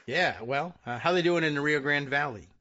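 A man's voice: a little high, a little fast, pushed and bright, highs cut off. A man co-hosting a casual political talk show, adding dry, wry remarks. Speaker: podcast co-host.

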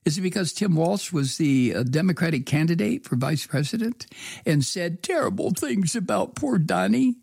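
Gravelly, indignant man ranting. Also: high voice, lively intonation, normal speed, darkish tone, dry recording, studio quality. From from the US state of Georgia. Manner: profane, sarcastic, indignant, with frequent fillers and restarts. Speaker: political commentary host. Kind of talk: solo political commentary, reading and reacting to news.

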